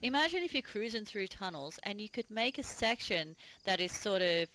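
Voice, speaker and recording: A woman's voice: medium pitch, normal speed, slight background noise, low-quality recording. Woman, co-host, giggly, swooping voice, crickets faint behind. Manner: excitable, giggly, bubbly questions. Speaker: podcast co-host. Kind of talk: casual chat.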